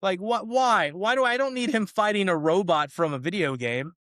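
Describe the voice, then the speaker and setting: A man's voice: high-pitched, fairly quick, a bit bright, no echo, clean studio sound. A man co-hosting a podcast, ranting in casual chat about a film he found silly, with exasperated asides. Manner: ranting, exasperated, quotes lines in mocking voices. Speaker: podcast co-host. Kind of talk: casual movie review chat.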